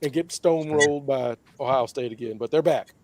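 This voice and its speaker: A man's voice: mid-range voice, fairly quick. A man on a sports panel, trading teasing, laughing banter in casual chat.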